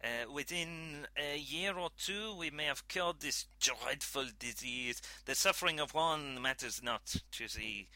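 A man voicing a serious elderly French scientist with a put-on French accent, halting and formal. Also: a little high, sharp tone, dry recording. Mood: grandly earnest.

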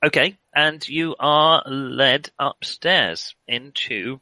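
A man's voice: medium pitch, expressive, unhurried, bright, forceful tone, dry recording, low-quality recording. A man running a tabletop role-playing game, narrating with many hesitant fillers. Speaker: game master.

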